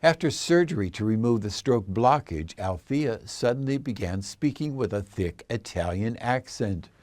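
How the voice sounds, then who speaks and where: A man narrating a scripted explainer in a measured, assertive way. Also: medium pitch, expressive, a little mellow, no room sound.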